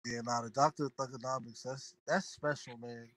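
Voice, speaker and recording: A man guesting on a podcast, chatting in a laid-back, slangy way that often trails off quietly. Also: mid-range voice, fairly even intonation, normal speed, dry recording, rough recording. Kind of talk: casual chat.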